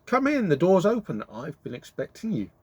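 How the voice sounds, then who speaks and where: A man voicing a frail, croaky old grandmother with a sore throat in a storybook reading. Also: a little high, huge pitch swings, moderate pace, darkish tone, dry recording, voice pushed up, exaggerated voice. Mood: weak.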